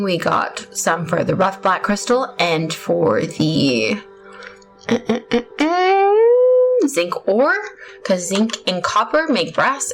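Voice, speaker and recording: A woman's voice: fairly low pitch, a bit bright, poor audio. Chatty young woman gaming vlogger. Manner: chatty, rambling, self-mocking with laughs. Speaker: gaming channel host. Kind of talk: casual gameplay commentary. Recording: faint music behind voice.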